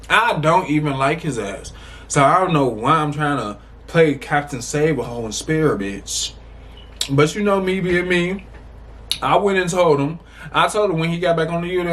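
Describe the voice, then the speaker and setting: A young man from the Chicago area telling a casual storytime to the camera, animated and profane, rambling with many restarts. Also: fairly high pitch. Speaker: storytime vlogger.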